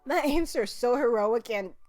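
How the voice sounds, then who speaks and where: A young woman hosting a casual review vlog of musical songs, talking in a playful, jokey, excitable way. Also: on the high side, normal speed, soft background music.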